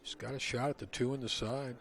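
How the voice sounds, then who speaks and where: A man giving low, calm play-by-play commentary on a pool match, recorded in a casino event hall. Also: a little fast.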